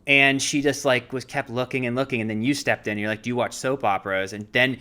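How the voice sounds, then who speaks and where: A man's voice: mid-range voice, brisk. A man in his thirties co-hosting a casual show, telling a long anecdote with lots of fillers. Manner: rambling, filler-heavy, animated retelling. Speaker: podcast co-host, actor. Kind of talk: casual storytelling chat.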